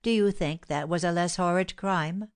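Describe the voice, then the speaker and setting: A woman's voice: fairly low pitch, moderate pace, natural voice. Woman reading as a cold, scheming young wife. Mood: contemptuous. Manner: cold, insistent, contemptuous.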